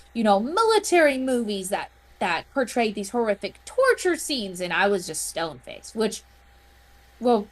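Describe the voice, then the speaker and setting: A woman guest on a podcast, telling a personal story in an earnest, heartfelt way. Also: on the high side. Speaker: interview guest, healing practitioner.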